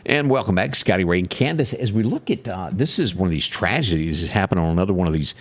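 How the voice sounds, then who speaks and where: A man's voice: low voice, animated, fast talker, faint music behind. A man with a Southern US accent co-hosting a morning show, chatting casually and reading local ads in a folksy way.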